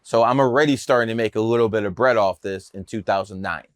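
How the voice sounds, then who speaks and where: Speaking quickly in a smooth, fairly low voice, this Cleveland-area American man spins casual podcast stories about his work as a numerologist. He's brash, boastful and profane. The studio recording is clean, without echo.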